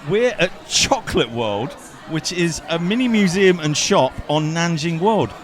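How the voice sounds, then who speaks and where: A man's voice: on the high side, lively intonation, unhurried, some chatter behind. A man hosting a travel video, narrating and trading dry puns with his co-host. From southern England. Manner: punning, dry joking. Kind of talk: travel vlog narration and banter.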